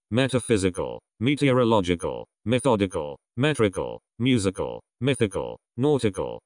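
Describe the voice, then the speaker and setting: A man's voice: on the low side, no echo, clean studio sound. A man reading English vocabulary words aloud one at a time, in evenly spaced single words. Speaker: vocabulary reader. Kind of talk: reading word lists aloud.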